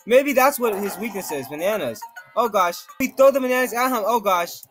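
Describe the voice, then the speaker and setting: A high-pitched man commentating his gameplay as it happens, jumpy and easily startled. He talks to himself and to his viewers in a stream of nervous exclamations. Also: brisk, faint music behind. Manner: jittery and excitable, constant nervous exclamations. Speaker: gaming video creator.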